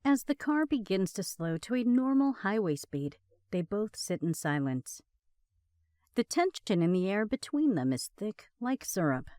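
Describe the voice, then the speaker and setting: A woman narrating a story in a slow, expressive reading. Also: lowish voice, dry recording, clean studio sound.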